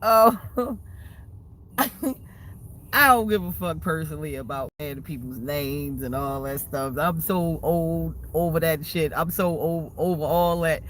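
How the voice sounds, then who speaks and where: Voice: mid-range voice, a little slow, a bit bright, slight background noise. A livestreamer chatting casually to viewers, rambling and laughing often, with slangy, profane talk. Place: waiting for a food order.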